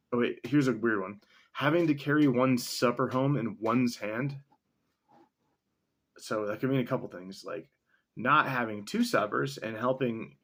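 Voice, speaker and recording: A man casually reacting to a text he reads, rambling and sarcastic, swearing freely and filling pauses with ums and likes. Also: mid-range voice. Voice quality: mustache-wearing man chuckling between remarks. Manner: profane, sarcastic, thinks aloud with many fillers. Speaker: vlogger reading and reacting to a text.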